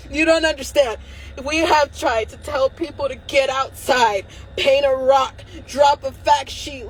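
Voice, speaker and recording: A woman's voice: high voice, rough recording. A woman hosting a livestream, ranting angrily and defiantly with frequent swearing, close to tears at times. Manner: angry and defiant, swearing, laughing through tears. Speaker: livestream host. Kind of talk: impassioned livestream rant.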